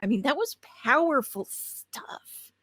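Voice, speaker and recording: Woman, game master, slow pace, dry mic, fillers and pauses. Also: high voice, animated, a bit bright, no echo. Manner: slow, halting narration with fillers. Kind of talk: narrating a tabletop game.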